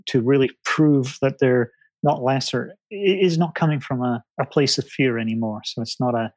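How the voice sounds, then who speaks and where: A man talks through an interview in a gravelly voice. He tells stories with energy and slips into other people's voices as he goes. The recording is dry and close. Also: medium pitch, no echo. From Scotland. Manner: animated storyteller, acts out clients' reactions. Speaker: guest, past-life reader. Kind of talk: casual interview chat.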